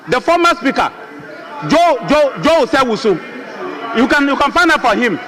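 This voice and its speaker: Fiery high-voiced Ghanaian MP. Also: male voice, lively intonation, moderate pace, long pauses, sharp tone. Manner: fiery, accusing, hammering repeated rhetorical questions. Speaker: member of parliament. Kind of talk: parliamentary debate speech. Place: parliament chamber.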